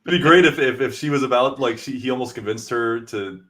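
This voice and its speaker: A man's voice: mid-range voice, fairly quick, a bit bright. A man co-hosting a casual writers' room brainstorm, rambling, laughing often and acting out characters' lines. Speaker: podcast co-host.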